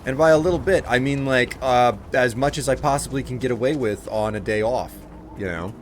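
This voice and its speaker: A man's voice: medium pitch, fairly quick, a little hiss or hum. Exasperated chatty male streamer. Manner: chatty, exasperated, thanking viewers. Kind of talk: casual live-stream chat.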